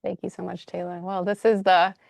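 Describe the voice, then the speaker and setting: Gravelly-voiced woman hosting a podcast. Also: lowish voice, little pitch movement, brisk, no echo, studio quality. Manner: effusive, affirming. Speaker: podcast host. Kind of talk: conversational interview.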